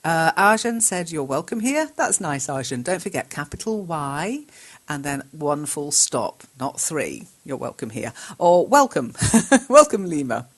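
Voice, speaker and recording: A low-voiced woman talks through a lesson in a relaxed, chatty way. She reads learners' posts aloud, spells out capitals and full stops, and laughs easily between corrections. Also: unhurried. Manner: chatty and giggly, spells out punctuation, frequent ums. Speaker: English teacher reviewing learners' chat posts. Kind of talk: casual spoken lesson, reading out and correcting messages.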